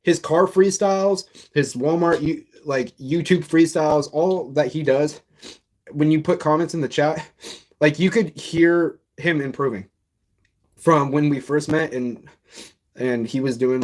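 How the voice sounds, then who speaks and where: A young man in casual reaction commentary, talking loosely in slang and laughing often as he reviews a song. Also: on the high side. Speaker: music reviewer.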